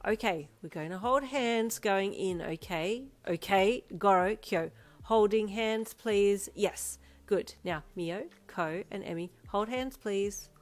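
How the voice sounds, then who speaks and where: A woman's voice: mid-range voice, takes it slowly, lightly acted. A woman voicing a harried young woman calling out and coaxing a group of children.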